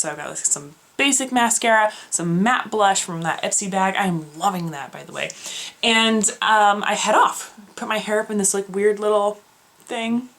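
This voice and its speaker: A young woman telling a story in a casual vlog, animated, with lots of fillers and restarts, acting out the voices of others. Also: medium pitch. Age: young adult. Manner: frequent filler words and self-corrections. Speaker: beauty vlogger.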